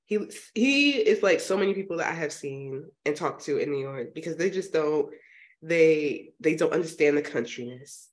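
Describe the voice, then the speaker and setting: Woman co-host, lowish voice, excited movie chat, does little quote voices. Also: moderate pace. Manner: enthusiastic, quotes people in an upbeat voice. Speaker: podcast co-host. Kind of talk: casual chat.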